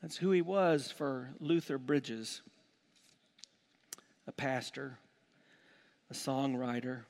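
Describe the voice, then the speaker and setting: A man preaching a sermon as pastor, building to loud emphatic peaks and then dropping to a hushed, quiet tone. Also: mid-range voice, slow pace, long pauses.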